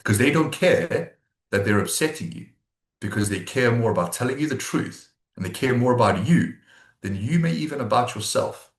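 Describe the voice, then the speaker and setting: A man's voice: mid-range voice, animated, moderate pace. A man from South Africa chatting casually as a podcast co-host, blunt and swearing freely as he acts out what his friends said. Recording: echoey room.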